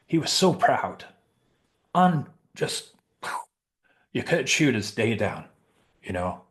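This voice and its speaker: A middle-aged man who works as a Santa, telling a heartfelt story with pauses, restarts and emotion. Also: mid-range voice, sing-song, a bit bright. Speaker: professional Santa performer. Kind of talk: heartfelt storytelling in a group chat.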